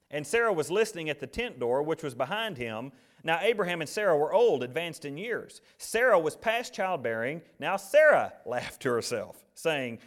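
A man's voice: fairly high pitch, very animated, moderate pace. A man preaching a sermon, reading scripture aloud and then commenting on it in an emphatic, conversational way.

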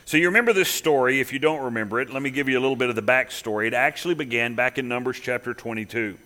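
Bright-voiced man preaching a sermon. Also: mid-range voice, rapid-fire. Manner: conversational, retells scripture in casual paraphrase. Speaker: pastor.

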